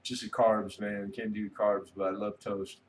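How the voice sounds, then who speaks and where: A man with a lowish voice hosts a casual late-night livestream, rambling easily and reading viewer comments aloud. His tone stays level and unhurried, with slight background noise.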